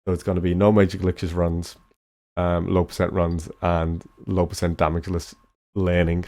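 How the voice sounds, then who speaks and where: Low-voiced young man chatting on stream. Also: little pitch movement, normal speed, dark tone. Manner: rambling, swearing, talks straight to chat. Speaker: speedrunner streamer. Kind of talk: casual livestream chat with viewers.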